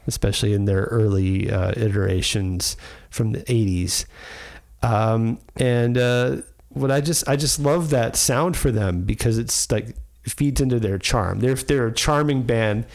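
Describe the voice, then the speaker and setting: Gravelly man in casual chat. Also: medium pitch, a little mellow. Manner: rambling and enthusiastic, with frequent fillers. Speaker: podcast host.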